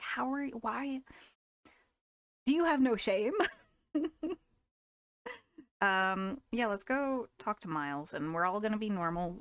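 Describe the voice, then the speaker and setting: A woman's voice: medium pitch, dry recording. A woman streaming live, chatting casually, laughing often and restarting her sentences.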